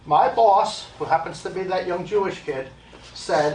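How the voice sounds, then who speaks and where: A man's voice: high-pitched, measured pace, a little mellow, slight background noise. A man working as a medium, talking live to an audience in a blunt, emphatic way, repeating his points with joking asides. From United States. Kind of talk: live stage talk to an audience. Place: live event hall. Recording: echoey room, mic from a distance.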